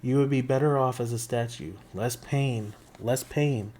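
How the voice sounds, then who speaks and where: A man's voice: mid-range voice, measured pace, darkish tone, natural voice. A man putting on Medusa, a purring monster lady. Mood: coaxing. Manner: smooth, soothing purr. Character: purring, menacing female monster posing as an old lady.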